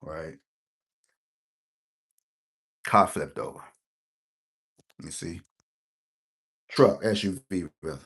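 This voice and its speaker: Speaking in a low, husky voice with a slight brightness, a middle-aged man who hosts a lottery channel drags out his words and leaves long pauses. He's casually telling viewers a meandering personal story, often tossing in "right?".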